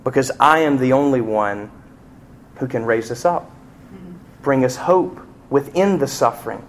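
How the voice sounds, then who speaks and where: A man preaching a sermon, telling a family story, going from hushed passages up to loud, pleading cries. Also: medium pitch, unhurried, a little hiss or hum. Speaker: pastor.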